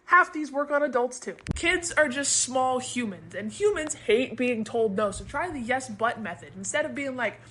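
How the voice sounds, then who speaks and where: Woman, high and bright, blunt and casual, tosses off quick silly voices. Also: expressive, slight background noise. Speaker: parenting tips creator. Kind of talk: casual advice talk.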